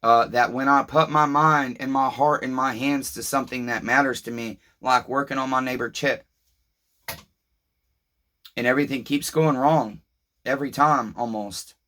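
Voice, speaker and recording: A man's voice: mid-range voice, fairly even intonation, moderate pace, bright, forceful tone. A man in pain, talking in a casual, confessional vlog, frustrated, profane and rambling. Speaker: vlogger.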